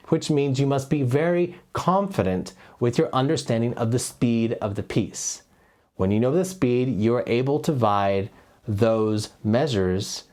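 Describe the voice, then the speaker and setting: A man's voice: mid-range voice, darkish tone. A man teaching a cello lesson, explaining rhythm steadily and counting beats aloud on a lapel mic. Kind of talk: music lesson. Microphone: lavalier.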